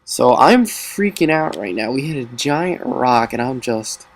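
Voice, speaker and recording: A man tells personal stories straight to camera in a loose, rambling way. He leans on filler words and restarts his sentences often. His voice sits at an ordinary, middle pitch. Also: expressive, measured pace. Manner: rambling, full of likes and ums. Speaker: vlogger. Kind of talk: casual storytelling to camera.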